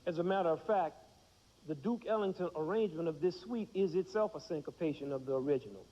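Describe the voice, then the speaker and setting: A man's voice: fairly high pitch, expressive, quick pace, mellow, long reverb tail, dull audio. A man teaching children about rhythm in a playful, demonstrative way, counting beats aloud. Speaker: music teacher.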